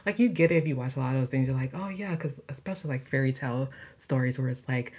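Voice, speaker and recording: A young woman chatting casually as she recaps a show, gushing and animated, with many fillers. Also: very deep voice, fast, slightly rough, lo-fi sound. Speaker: show reviewer.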